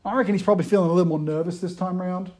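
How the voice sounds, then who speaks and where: High, mellow-voiced man preaching. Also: fairly even intonation, very fast. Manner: conversational, shifts between loud emphasis and quiet retellings. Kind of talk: sermon.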